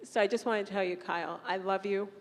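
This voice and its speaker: A woman's voice: medium pitch, fairly even intonation, fast talker. A young woman teacher giving an emotional, fond farewell speech to her graduating students, holding back tears and laughing between lines. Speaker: orchestra teacher. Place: large concert hall. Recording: echoey hall reverb.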